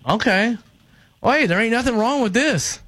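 High-voiced teasing male radio host. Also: lively intonation, normal speed, fairly bright tone, dry recording. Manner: teasing, chuckling, chatty. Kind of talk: casual morning radio chat. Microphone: studio microphone.

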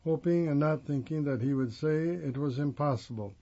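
Male reader, slightly higher voice, steady phrase-by-phrase read; dull lo-fi recording. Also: moderate pace. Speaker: reader of a magazine profile. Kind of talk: reading a first-person profile aloud.

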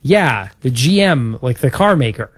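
A man co-hosting a casual podcast, recounting history with upbeat interest. His voice sits at a middle pitch. It is recorded dry and close. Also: expressive, unhurried, slightly rough, no room sound. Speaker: podcast co-host. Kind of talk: casual chat.

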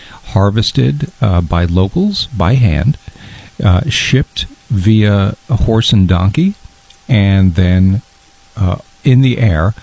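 A man's voice: sits low, dark tone, full character voice. A man playing an awkward, fussy guest who loves fondue and is easily hurt; he talks earnestly and at length, restarting his sentences often. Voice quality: gravelly, halting, stammering. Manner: earnest and long-winded, keeps restarting.

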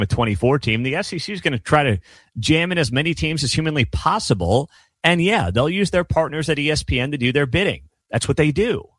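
A man's voice: medium pitch, a bit bright, no echo. A man in his thirties hosting a sports talk show, giving emphatic, sarcastic opinion commentary. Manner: emphatic, ranting, sarcastic asides.

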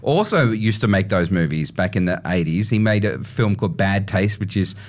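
A man's voice: lowish voice, animated, moderate pace. A man, hosting a casual radio chat, talking films in an encouraging, chatty way. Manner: chatty, film-savvy, encouraging. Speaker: radio host.

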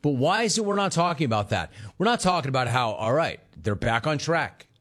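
A man's voice: mid-range voice, sing-song, a little fast, fairly bright tone. A man hosting a sports talk radio show, ranting and telling stories with sarcasm, mimicking callers and his own family.

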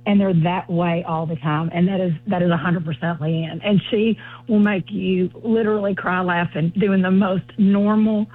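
A woman's voice: on the low side, steady tone, moderate pace. A woman with a Southern US accent, a comedian chatting as a guest over the phone in a bubbly, folksy way. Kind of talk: casual chat on a phone call. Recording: tinny phone line.

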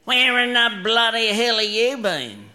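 A man voicing a furious elderly wife who scolds in a shrill voice. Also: big pitch swings, unhurried, sharp tone, full character voice. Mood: screaming.

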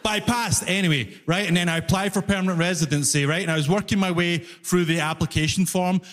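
Glaswegian guy doing standup, high voice, big echoey venue, stage mic. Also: quick pace. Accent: Glaswegian Scottish. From Scotland. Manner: animated, mock-exasperated storytelling. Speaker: stand-up comedian. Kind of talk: stand-up comedy set. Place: comedy club stage. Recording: reverberant live venue.

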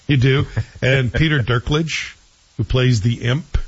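A man's voice: medium pitch, fairly even intonation, a little slow, breathy edge, muffled recording. A man hosting a show, chatting casually and with strong opinions about a TV series he is watching. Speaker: show host. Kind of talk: casual TV review chat.

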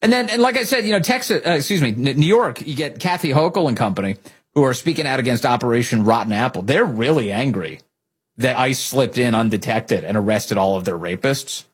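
A man hosting a political talk show, delivering sarcastic, animated commentary. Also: medium pitch, a little fast, husky. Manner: animated, sarcastic, mimics opponents.

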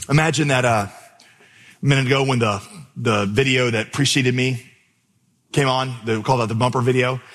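A man's voice: mid-range voice, fairly bright tone, in a large hall. A man preaching a sermon as pastor, telling stories and repeating key words for emphasis, on a stage in a church auditorium. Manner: storytelling, emphatic, repeats for effect.

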